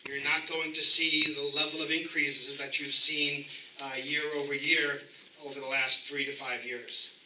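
A man with a New York accent, a representative of the county assessor's office, giving a brisk, matter-of-fact presentation at a town hall meeting. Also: fairly high pitch, little pitch movement, pushed and bright, a little hiss or hum. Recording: echoey room, mic from a distance.

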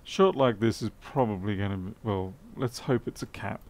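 Gravelly man muttering through a repair. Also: fairly low pitch, normal speed, a little mellow, slight background noise. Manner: thinks aloud, muttering and methodical. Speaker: electronics repair technician. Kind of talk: live repair stream commentary.

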